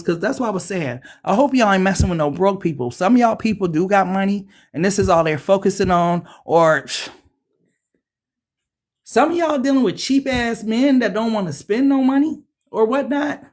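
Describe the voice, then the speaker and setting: Blunt, profane woman tarot reader. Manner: blunt, profane, animated, talks straight to viewers; jumps into high excited bursts. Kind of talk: casual tarot reading.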